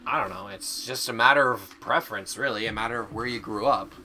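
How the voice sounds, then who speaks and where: A man's voice: on the low side, fairly quick, sharp tone, a little hiss or hum. A man streaming a video game, chatting casually and rambling, often stumbling over his words. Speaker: VTuber streamer. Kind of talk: casual gaming stream chat.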